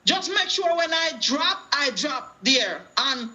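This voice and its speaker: On a talk show call, a Jamaican woman with a high, bright, sharp voice preaches her testimony, citing scripture and acting out the dialogue in patois. She takes her time, and her pitch swings widely.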